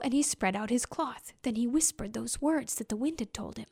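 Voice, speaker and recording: High-voiced woman storyteller, expressive, whispers and sound effects. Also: normal speed, vocal fry, husky. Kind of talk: storytelling, folk tale.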